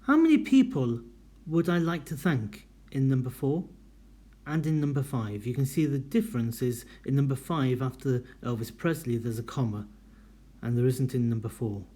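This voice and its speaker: A man teaching a recorded language lesson in a mellow, slightly husky voice. He explains step by step and reads example sentences with marked intonation. His delivery is deliberate and clear. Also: mid-range voice, animated. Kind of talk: recorded lecture.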